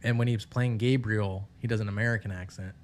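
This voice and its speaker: A man's voice: lowish voice, fairly even intonation, fast talker, slight background noise. Profane man bantering on a podcast. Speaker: podcast co-host. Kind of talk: casual chat.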